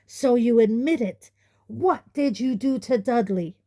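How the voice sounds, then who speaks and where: A woman voicing a loud, blustering, bullying middle-aged uncle in an audiobook reading. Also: medium pitch, takes it slowly.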